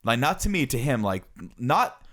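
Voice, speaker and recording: A man's voice: mid-range voice, sing-song, normal speed, fairly bright tone. A man in his thirties, a podcast co-host, telling a self-mocking story in casual chat. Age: 30s.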